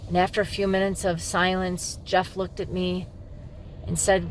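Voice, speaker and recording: A woman's voice: fairly low pitch, little pitch movement, moderate pace, a little hiss or hum. A middle-aged woman police officer candidly telling a personal story to the camera in an emphatic, frank way.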